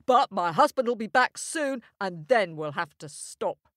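A woman's voice: medium pitch, animated, measured pace, fairly bright tone, dry recording, clean studio sound. A woman storyteller voicing a giant's wife, a big cheerful woman who begs sweetly for more music. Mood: agreeable.

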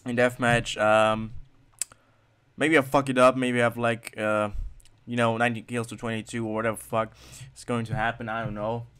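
A young man commentating his own gameplay, wired on energy drinks, swearing and swinging between loud outbursts and low mutters. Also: clear, resonant tone. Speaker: gaming channel host.

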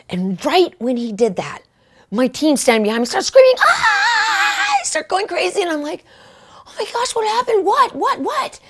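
A woman preacher with a slightly high voice tells her testimony in an animated, emotional way. She keeps tossing in "right?" and "like" as she preaches. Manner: fillers like "right?" and "like". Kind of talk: live-streamed testimony preaching.

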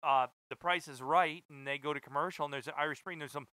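A man's voice: on the high side, fairly even intonation, quick pace, pushed and bright, no echo. A man co-hosting a casual podcast, telling rambling, hesitant stories full of asides. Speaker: podcast co-host.

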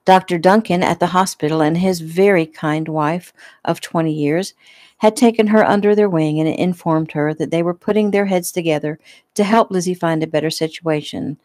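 A woman reads her own story in a relaxed, homey voice that sits low for a woman. The sound is dry and close, and she takes a slip or two in stride, like someone reading to family in the same room. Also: no room sound. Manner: relaxed, homey storytelling with small slips and throat clearing. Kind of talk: casual audiobook narration.

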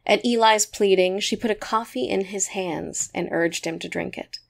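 Woman, story narrator, measured, middle pitch, scripted reading. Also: gravelly.

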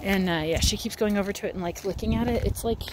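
Woman vlogger talking to a phone on a morning walk, loose and rambling, clear outdoor background noise. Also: medium pitch, fast talker. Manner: chatty and rambling, many "like" fillers. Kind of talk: casual chat while walking her dog. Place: outdoors at sunrise.

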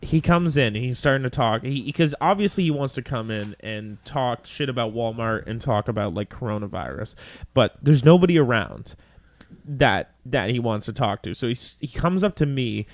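A man in casual chat on a podcast, rambling through a story with plenty of swearing. His voice sits in a middle pitch. The sound is dry and close. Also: lively intonation, moderate pace, dry recording. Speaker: podcast co-host.

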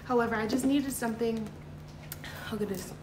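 A young woman vlogging to her handheld camera, bubbly and excitable, chatty with lots of "like" and "y'all". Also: fairly high pitch, fairly quick. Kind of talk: casual vlog talk to camera. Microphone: handheld vlog camera. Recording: echoey room with background noise.

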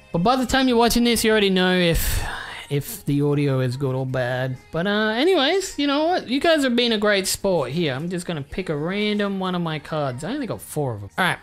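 Excitable swearing Australian guy. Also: sits high. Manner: excitable, swears freely, rambling. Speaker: YouTuber. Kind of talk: casual card-unboxing chat.

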